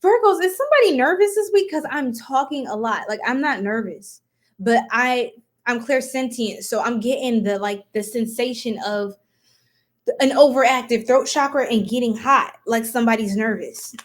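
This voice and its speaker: During a live-stream tarot reading, a woman with a fairly high voice talks at a moderate pace. She's chatty and giggly, goofing off casually and addressing her viewers directly as "y'all."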